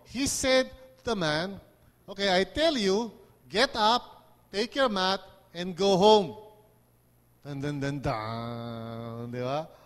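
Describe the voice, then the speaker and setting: High-voiced Filipino preacher in an echoing hall. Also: male voice, a bit bright. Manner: mixes English and Tagalog, asks "di ba?" and "amen?" often. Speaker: pastor. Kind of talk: sermon.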